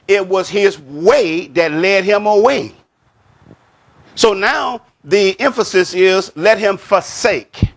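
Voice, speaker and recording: A man preaching a sermon as pastor, repeating and stressing key words, stretching scripture phrases slowly and sinking his voice at the end of each point, with frequent calls of amen. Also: a bit bright. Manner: drops pitch and volume at the end of a point; frequent amen and child of God to the congregation.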